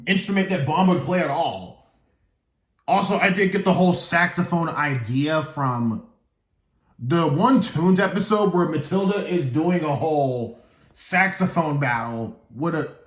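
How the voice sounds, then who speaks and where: A man's voice: a little high, a bit bright, reverberant. A man casually explaining the story of his own fan game series, rambling and stumbling without a script, joking to himself. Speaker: gaming YouTuber.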